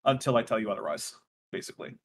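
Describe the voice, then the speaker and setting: A man running a tabletop role-playing game, narrating scenes and rules in a relaxed, rambling way, often correcting himself. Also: lowish voice, racing, slight background noise. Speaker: game master.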